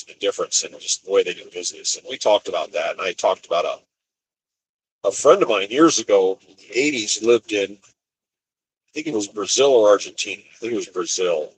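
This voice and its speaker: A man's voice: fairly low pitch, lively intonation, brisk, slight background noise, poor audio. A man driving solo on the road, casually rambling through a story with many restarts. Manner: rambling, restarts sentences, retells conversations. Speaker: expediter truck driver. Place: inside a vehicle on the road.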